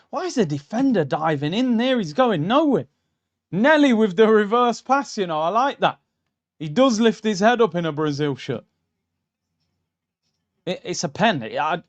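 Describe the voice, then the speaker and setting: A young man hosting a live football watchalong, reacting bluntly and excitedly to the match. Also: high-pitched.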